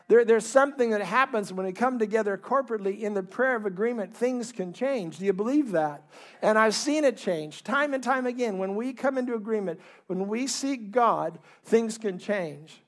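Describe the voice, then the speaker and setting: A high-pitched male pastor preaching with fervor. His voice climbs into loud, emphatic bursts and then drops back to a quieter, earnest tone. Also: moderate pace. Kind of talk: sermon.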